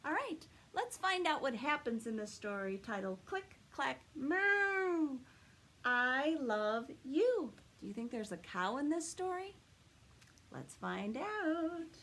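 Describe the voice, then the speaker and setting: At story time, a woman who is a children's librarian reads a picture book aloud at a measured pace in a voice that sits high, being animated and expressive and asking the children questions.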